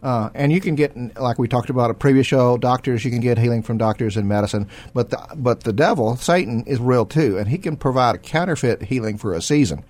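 A man's voice: mid-range voice, brisk, few pauses, a little mellow, no echo. Man telling a faith healing story. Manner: rambling storyteller with many fillers and throat clearing. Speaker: sculptor and show regular. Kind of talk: testimony in a Christian talk show.

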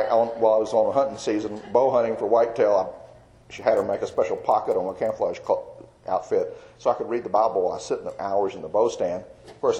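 A middle-aged man from Texas telling his personal faith testimony in a folksy, storytelling way, with frequent restarts and soft chuckles. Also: fairly low pitch, rough recording. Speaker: Christian artist giving testimony.

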